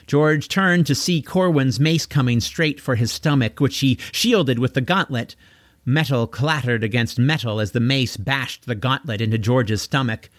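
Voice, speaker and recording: A male audiobook narrator with a mid-range voice reads a children's novel in an expressive storytelling style. The recording is dry and clean, with studio sound.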